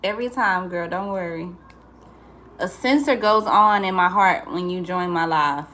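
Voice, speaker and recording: A woman's voice: fairly low pitch, measured pace, pushed and bright. A woman chatting casually on a livestream, greeting viewers by name and calling them y'all. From St. Louis. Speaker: livestream host and entrepreneur.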